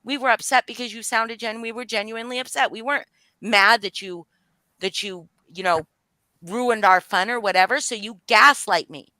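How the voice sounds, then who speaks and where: A woman's voice: fairly high pitch, moderate pace, bright, forceful tone, no room sound. A woman speaking out angrily on a live stream, swearing often, her voice rising and falling. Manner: angry, profane, voice rising and falling. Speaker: livestream guest speaking out. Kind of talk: emotional live-stream confrontation.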